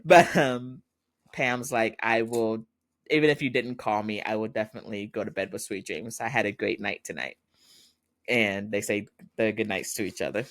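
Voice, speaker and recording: A man's voice: lowish voice, moderate pace. A podcast host, a man, casually recapping a TV drama episode and acting out the characters' lines. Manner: animated retelling, acting out quoted lines and laughing often.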